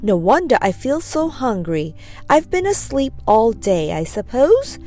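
A woman's voice: on the high side, sing-song, unhurried, dark tone, soft background music. A woman voicing a cross little male pixie in a storybook reading. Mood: cheerful. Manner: grumpy, then cheerful.

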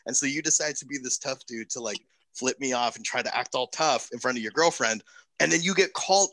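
A young man casually telling a profane, animated story on a podcast. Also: a little high, quick pace, no room sound.

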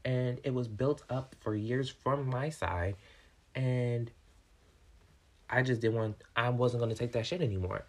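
A man who works as a manager, telling a workplace story in a casual vlog, animated and swearing, swinging from calm to worked up. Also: medium pitch, a little slow. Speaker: vlogger, restaurant manager.

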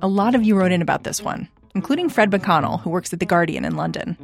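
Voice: mid-range voice, animated, fast, gravelly, faint music behind. A podcast host speaking in a plainspoken, reflective, conversational way. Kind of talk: conversational interview.

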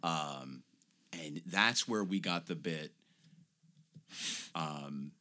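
A man's voice: a bass voice, very slow, bright, forceful tone, dry recording. A man co-hosting a podcast in casual, profane chat, often slipping into put-on voices for bits. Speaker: podcast co-host.

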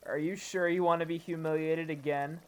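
A man's voice: fairly high pitch, steady tone, a little fast, clean tone. An older man acting a teasing, good-humored grandfather in a family drama. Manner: teasing, jovial, chuckling.

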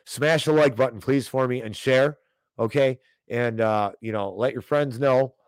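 A man hosting a casual livestream about finance, ranting and animated, talking straight to viewers in the chat. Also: medium pitch, unhurried, clear, resonant tone, no echo. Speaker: host of a financial commentary show.

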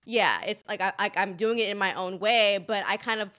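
A woman's voice: mid-range voice, brisk, pushed and bright. A young woman hosting a casual interview, asking questions in a relatable, hesitant way with many fillers and restarts. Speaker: podcast host.

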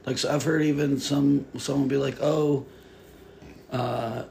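A man's voice: medium pitch, unhurried, creaky, a little hiss or hum. A man hosting a casual podcast chat, talking loosely and swearing now and then. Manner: animated, swears, slips into joking put-on accents.

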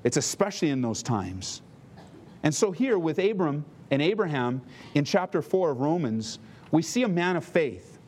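High-voiced male pastor preaching. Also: big pitch swings, moderate pace, a little mellow. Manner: conversational, asks the listeners questions. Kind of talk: sermon.

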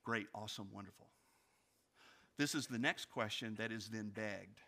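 A male pastor preaching a sermon, asking his congregation direct questions and swinging from loud storytelling to quiet reflection. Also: lowish voice, normal speed. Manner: animated storytelling, rising loud for anecdotes, dropping quiet for reflection.

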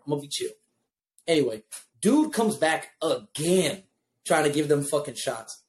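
A young man tells stories quickly in a casual chat. He swears freely, pads his talk with fillers, and keeps the telling animated. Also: on the high side, reverberant. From Houston, Texas. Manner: profane, animated storytelling with many fillers.

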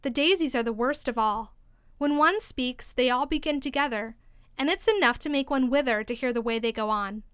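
A haughty, hot-tempered talking flower, as a woman storyteller puts it on, loud and commanding. Her voice is high and ringing. It is clear and close. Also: normal speed, no echo. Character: proud, bossy, hot-tempered talking tiger lily flower.

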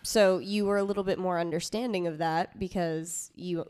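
A woman's voice: on the low side, fairly even intonation, moderate pace, darkish tone, clean tone. A woman co-hosting a casual podcast, earnest and playful in how she talks. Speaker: podcast co-host.

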